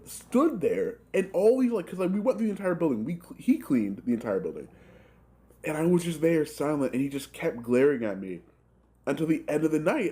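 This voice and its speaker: A young man in his twenties telling a rambling, profane work story in a casual, animated way, full of filler words. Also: on the high side. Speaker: gaming channel host telling a story.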